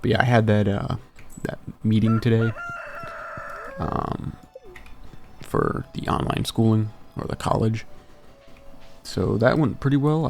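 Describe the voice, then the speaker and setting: A young man talks casually while playing a game on stream, wandering between thoughts and chuckling at himself. His voice is low with a gravelly fry. Soft game music sits faintly underneath. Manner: rambling, self-deprecating, chuckles often. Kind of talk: casual gameplay commentary.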